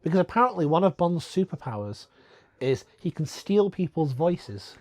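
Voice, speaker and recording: A man's voice: on the high side, very animated, moderate pace, a little mellow, dry recording. A young man from England co-hosting a casual comedy film commentary, swearing, stammering and laughing often.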